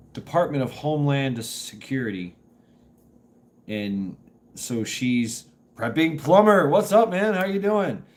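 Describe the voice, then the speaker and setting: Hoarse middle-aged man hosting a live stream. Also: mid-range voice, darkish tone, slight background noise. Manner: rambling, halting, greets chat viewers by name. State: strained voice from dusty work. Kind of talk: casual live stream chat.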